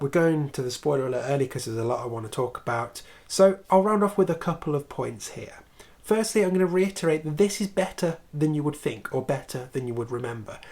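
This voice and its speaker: A man hosting a casual film review video, chatty and opinionated, with sarcastic swearing asides. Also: a little high.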